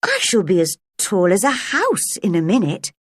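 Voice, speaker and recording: Fretful little girl talking to herself, woman reading it out, lively ups and downs, dry close sound. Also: medium pitch, moderate pace, slightly rough, no room sound. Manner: anxious, exclaiming to herself. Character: curious worried young girl.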